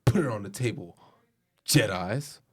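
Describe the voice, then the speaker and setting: A man's voice: fairly low pitch, lively intonation, unhurried, slightly rough. A man co-hosting a casual chat show, sarcastic and mocking as he keeps betting on his own point. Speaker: podcast co-host.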